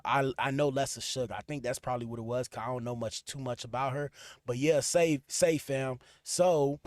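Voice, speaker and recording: A man's voice: medium pitch, no echo, clean studio sound. A man hosting a podcast, talking loose and slangy to his live chat as he reacts to clips, trailing off and restarting. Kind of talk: casual commentary to a live chat.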